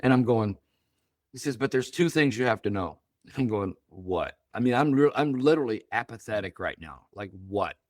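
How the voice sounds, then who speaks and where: An older man, a podcast guest, telling a deeply personal story with feeling, acting out the other people's words as he goes. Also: normal speed, dry recording, clean studio sound. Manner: emotional, animated storytelling with voiced quotes.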